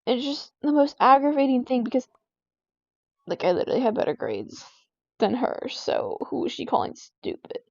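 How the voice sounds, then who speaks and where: A high-pitched teenage girl rambles through an exasperated vent session while she plays a game. Her words come packed with "like" fillers. The sound is dry and a bit dull, as if recorded on a lo-fi home mic. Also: big pitch swings, moderate pace, vocal fry, dry recording. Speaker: gaming vlogger. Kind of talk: casual venting while playing a game.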